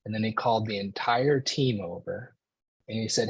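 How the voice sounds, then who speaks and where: A man's voice: on the low side, moderate pace, gravelly, slightly rough, dry recording, poor audio. A man in his forties telling a personal story to an audience in a casual, conversational way, often saying "like" and "right?". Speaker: speaker.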